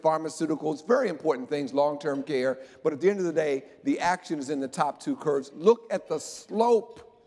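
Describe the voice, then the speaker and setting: A man giving an animated, joking conference talk about slides to a live audience. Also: on the high side. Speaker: keynote speaker. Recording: long hall reverb.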